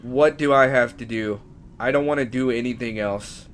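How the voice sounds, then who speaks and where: A man streaming a game live, chatting casually to viewers and getting emotional and excitable, at times nearly shrieking. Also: mid-range voice, moderate pace, slight background noise. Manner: emotional, excitable, shifts from calm to near-shrieking.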